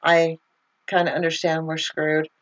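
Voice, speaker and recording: A woman's voice: deep voice, monotone, unhurried. A woman hosting a casual livestream, chatting loosely, laughing often and reading viewer comments aloud over a video call. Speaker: livestream host. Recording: slightly muffled video call audio.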